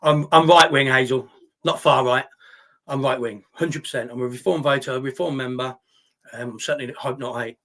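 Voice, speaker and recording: A man with a medium-pitched, slightly bright voice hosts a live stream, responding to viewer chat. He sounds heated and indignant, with plenty of profanity.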